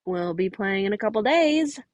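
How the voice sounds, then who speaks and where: A woman's voice: mid-range voice, animated, moderate pace, no echo, clean studio sound, close to an everyday voice. A woman reading aloud and voicing an eager, friendly teenage camper girl. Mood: cheerful.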